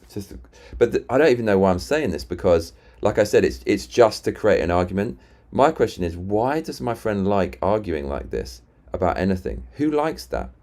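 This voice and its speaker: A man with a very low, deep voice chats casually on a live stream. He rambles, restarts sentences and retells arguments with friends. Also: very animated, normal speed, darkish tone. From Britain. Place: London.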